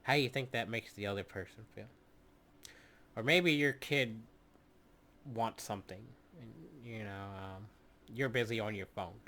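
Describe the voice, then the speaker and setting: A man's voice: on the low side, pushed and bright, a little hiss or hum. A man hosting a solo podcast, talking through his points in an instructive way and often stopping on fillers and restarts while he addresses the listener directly. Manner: halting, many fillers and restarts. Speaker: podcast host.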